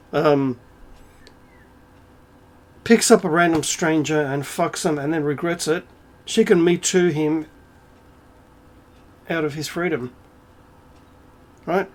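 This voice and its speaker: A man giving a profane, sarcastic, indignant monologue to camera, full of rhetorical asides and "um"s. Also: on the high side. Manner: rhetorical asides and frequent fillers. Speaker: video creator.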